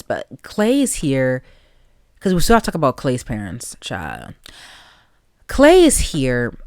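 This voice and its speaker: A podcast host giving opinionated, animated solo commentary and talking straight to the listeners. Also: mid-range voice, no room sound, studio quality.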